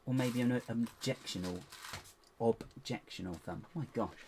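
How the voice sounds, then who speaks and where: A man chatting to viewers in a casual building vlog, rambling to himself with playful squeaky exclamations. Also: unhurried, background noise. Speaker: LEGO builder and channel host.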